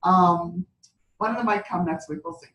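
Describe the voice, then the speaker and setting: A woman's voice: on the low side, moderate pace, fairly bright tone. A woman beauty consultant telling chatty stories at a sales meeting and laughing as she talks. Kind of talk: casual story-sharing at a sales meeting. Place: meeting room. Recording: echoey room, distant mic, faint background hum.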